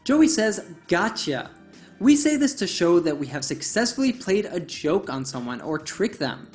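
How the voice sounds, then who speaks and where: A woman narrates a scripted English lesson, explaining each word clearly and leaning on key terms. Her voice sits fairly low but moves lively up and down. Soft music plays faintly underneath. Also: unhurried. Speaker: English teacher.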